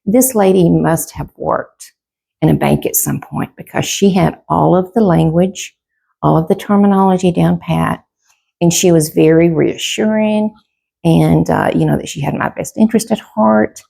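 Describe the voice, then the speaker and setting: A woman's voice: fairly low pitch, normal speed, creaky, warm tone, breathy edge. A middle-aged woman, casually telling a personal story to camera, rambling with lots of fillers and quoted back-and-forth.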